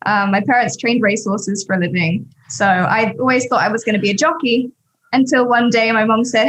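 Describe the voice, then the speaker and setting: A British woman from England, a podcast guest chatting casually over a video call from her desk at home, telling stories quickly with frequent laughs. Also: a little high, poor audio. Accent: British English. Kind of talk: casual interview chat.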